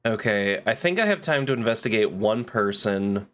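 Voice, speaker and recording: A man's voice: on the low side, animated, moderate pace, fairly bright tone. Chatty man thinking aloud while gaming. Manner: thinks aloud, reads game text, laughs easily. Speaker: streamer playing a game. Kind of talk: casual gameplay chat.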